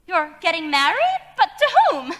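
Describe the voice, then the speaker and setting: A woman's voice: very high voice, very animated, moderate pace, a crowd in the background. A young woman playing a flighty, theatrical showgirl bride in a school stage musical, with a breathless, fluttery manner. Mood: dramatic. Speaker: stage actress. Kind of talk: live stage musical acting. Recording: reverberant school auditorium.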